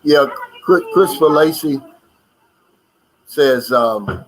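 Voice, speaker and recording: American male streamer, fairly high voice, loose and talkative, riffs on viewer comments. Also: lively intonation, takes it slowly, slight background noise, poor audio. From United States. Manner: chatty, reads out comments and riffs on them. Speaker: livestream host reading viewer comments. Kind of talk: casual live-stream chat.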